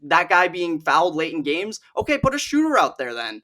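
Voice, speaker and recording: A young man co-hosting a sports podcast, ranting in casual chat and acting out players in quick asides. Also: a little high. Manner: animated, ranting, mimics players in quoted asides. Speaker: podcast co-host.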